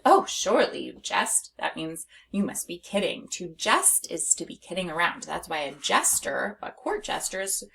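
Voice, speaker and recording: A woman reading teacher leading a phonics lesson for young children, slowly and clearly sounding out letters and words. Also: medium pitch, a bit bright. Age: adult.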